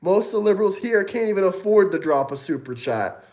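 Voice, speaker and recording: A man's voice: high voice, lively intonation, a little fast, darkish tone. A young man hosting a casual livestream, reading chat aloud and answering in a mocking, taunting way with frequent swearing.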